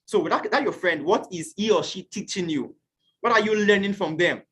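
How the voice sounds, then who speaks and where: A man's voice: high voice, normal speed. A man from Nigeria gives an online class lesson. He talks in an earnest way and keeps putting questions to his class. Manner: earnest, asks the class questions, acts out shouted quotes. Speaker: youth teacher.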